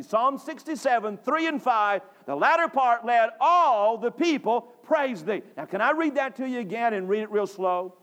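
A man from North Carolina, preaching a sermon emphatically, repeating phrases and rising to shouts. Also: very high voice, expressive, moderate pace, hardly any pauses. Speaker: pastor. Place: church sanctuary.

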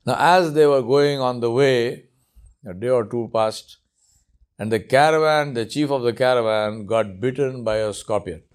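A man preaching a sermon, telling a story in an animated way and acting out the quotes. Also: medium pitch, normal speed, smooth.

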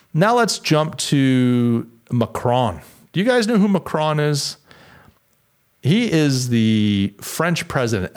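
A man hosting a podcast, giving opinionated political commentary in an emphatic way, with sarcastic asides. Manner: emphatic, animated, pitch jumps up for emphasis. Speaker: podcast host.

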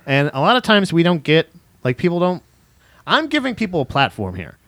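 A man hosting a casual comedy podcast, telling stories in a rambling way with lots of swearing, and jumping high in pitch when he quotes people. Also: wildly swooping pitch, fairly quick, a bit bright, dry recording.

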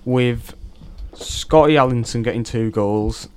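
Young radio host, rambling. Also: male voice, mid-range voice, slow, smooth. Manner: excitable, rambling storyteller. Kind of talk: casual chat.

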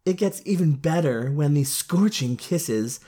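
A woman's voice: low-pitched, lively intonation, unhurried, warm tone, breathy edge. A woman co-hosting a podcast, reading a book summary aloud and cracking jokes in casual banter. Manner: joking, reads summary aloud. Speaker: podcast co-host.

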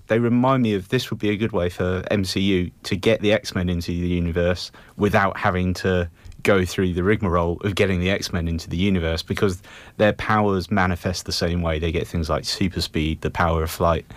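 A man's voice: low-pitched, fairly even intonation, a little fast, no echo. A man chatting eagerly and knowledgeably on a studio panel, often restarting his thoughts. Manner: enthusiastic, knowledgeable, trails off mid-thought. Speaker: film show panelist. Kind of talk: casual studio discussion.

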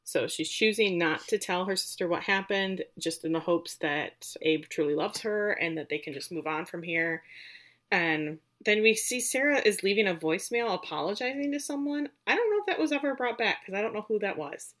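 A woman's voice: fairly low pitch, moderate pace, fairly bright tone. A woman co-hosting a casual podcast, retelling a film's scenes and quoting lines with animation. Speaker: podcast co-host. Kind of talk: casual movie recap chat.

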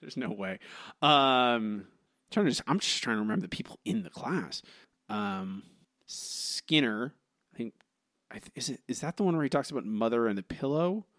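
Male co-host, mid-pitched, dry close sound, teasing and rambly, lots of ums. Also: lively intonation, moderate pace, a bit bright, no room sound. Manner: teasing, rambling with many fillers. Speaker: podcast co-host. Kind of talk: casual trivia chat.

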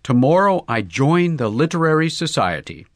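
A man voicing an excitable young male golfer, talking earnestly in breezy slang. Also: on the high side, normal speed, dry recording, voice pushed up. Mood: indignant.

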